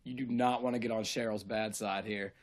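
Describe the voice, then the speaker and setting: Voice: mid-range voice, fairly even intonation, fairly quick, over music. A co-host making dry, wry remarks during a comedic reading. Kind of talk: casual chat.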